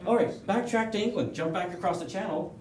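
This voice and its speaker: A man with a Canadian accent talks his audience through a hands-on presentation, rambling and joking as he goes. His voice sits a little on the high side. He is picked up from a distance in a reverberant meeting room with a faint hiss underneath. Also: a little fast, darkish tone. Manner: chatty, rambling, with frequent restarts and joking asides. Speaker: presenter at an astronomy club meeting.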